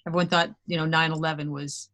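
A woman's voice: low-pitched, flat delivery, fast talker, a bit bright. A woman hosting a casual podcast interview, chatty and adding her own examples. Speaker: podcast host.

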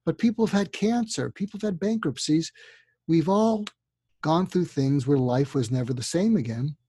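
A man's voice: fairly high pitch, moderate pace, warm tone, slightly rough. A man speaking as a therapist guest in a casual podcast conversation, acting out sample dialogues in a livelier voice. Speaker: psychotherapist guest. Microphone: remote call microphone.

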